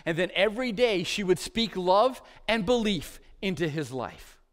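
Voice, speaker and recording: A man with a notably high voice preaches a sermon from the pulpit of a church. He builds points through repeated lists and swings between emphatic, raised declarations and quiet, hushed phrases. The delivery is earnest and dynamic throughout. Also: lively intonation, moderate pace. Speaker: pastor. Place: church sanctuary.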